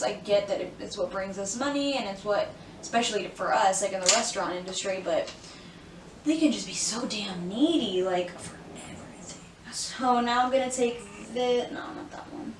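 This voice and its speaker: A woman's voice: medium pitch, far from the mic, noisy background. Chatty young woman in an echoey room. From South Florida. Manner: chatty, rambling, peppered with "like" and "y'all". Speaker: beauty vlogger. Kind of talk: casual makeup tutorial chat. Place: home room, indoors. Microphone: camera mic at a short distance.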